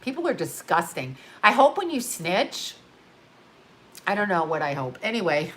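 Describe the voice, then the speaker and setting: A tired woman chats loosely on a livestream from her home studio, replying to viewer comments as they come in. She rambles and drifts between thoughts, and she is blunt and quick to swear. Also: lowish voice, very animated, fairly bright tone. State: tired, yawning. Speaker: astrologer and livestream host. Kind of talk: casual livestream chat reading viewer comments.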